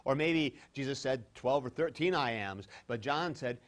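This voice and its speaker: A man lecturing a class on theology in a mid-pitched voice. He talks in a conversational, animated way, stressing key words loudly and then dropping to quiet asides. He often acts out the objections of an imagined listener. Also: fairly quick, few pauses. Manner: animated, emphatic, swings between loud stresses and quiet asides. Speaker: theology professor.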